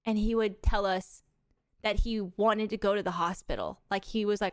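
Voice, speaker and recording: A young adult woman livestreaming, chatting casually with viewers in animated stories full of swearing and laughter. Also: medium pitch, normal speed, clean tone, dry recording, studio quality.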